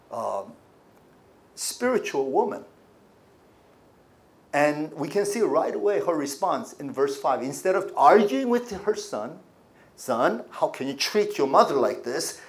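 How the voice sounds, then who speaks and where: A man preaching a sermon as pastor, with animated delivery and congregation call-and-response. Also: a little high.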